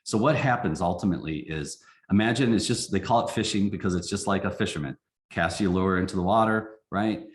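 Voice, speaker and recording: Low-voiced man teaching a webinar. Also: brisk. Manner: folksy, animated explainer acting out examples. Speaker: company CEO presenting a webinar. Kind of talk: casual training webinar.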